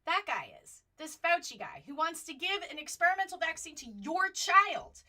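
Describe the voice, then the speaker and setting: A woman's voice: sits high, pushed and bright, recorded from a distance. A woman hosting a political commentary show from home, talking casually and passionately, rambling and jumping between points.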